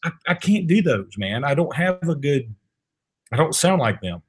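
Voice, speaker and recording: A man's voice: fairly high pitch, normal speed, slight background noise. A man co-hosting a podcast, rambling and laughing as he tells stories. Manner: animated, laughing, rambling storyteller. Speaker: podcast co-host. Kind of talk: casual chat.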